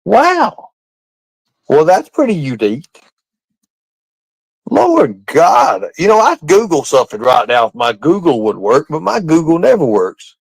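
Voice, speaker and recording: A man's voice: a little high, very animated, fairly quick, vocal fry, no room sound, rough recording. A man hosting a live stream, rambling and repeating himself while quizzing his chat with questions. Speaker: livestream host.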